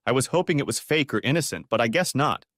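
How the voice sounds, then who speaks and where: A man's voice: mid-range voice, animated, fast, a bit bright, no room sound, clean studio sound. A man voicing a betrayed businessman husband who talks in angry, clipped, cursing bursts.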